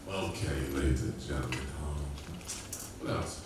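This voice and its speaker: This comedy club set features a man whose low voice swings widely in pitch at a normal speed, rambling through profane stories with acted-out quotes. A far-off room mic gives it an echoey sound with ambient noise.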